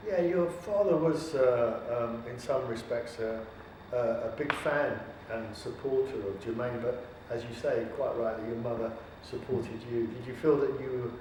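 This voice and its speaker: A man's voice: mid-range voice, steady tone, moderate pace. A man with a British accent hosting a mock talk show interview, polite and formal with some hesitation. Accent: British English. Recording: echoey room, distant mic, faint noise.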